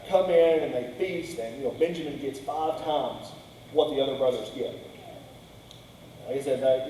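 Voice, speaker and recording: A man's voice: medium pitch, dark tone, slight background noise. A man preaching a casual sermon, retelling a story conversationally and acting out the characters' lines. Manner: conversational, acts out characters' quotes with "he's like". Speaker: pastor. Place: church sanctuary. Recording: echoey church hall, distant mic.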